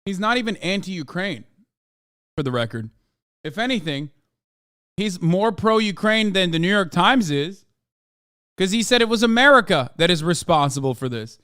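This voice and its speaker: A man streaming, reacting to a video with a profane, sarcastic, animated rant. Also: high voice, normal speed, pauses often, smooth.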